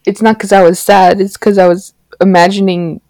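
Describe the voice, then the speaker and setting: A woman's voice: medium pitch, flat delivery, moderate pace, darkish tone, no echo. A young woman in a casual chat, often laughing through her words.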